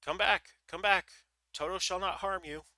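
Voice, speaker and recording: Guy doing a gentle tin man, polite and earnest, real bright voice. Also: medium pitch, expressive, moderate pace, dry recording. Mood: calling out. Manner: earnest, courteous.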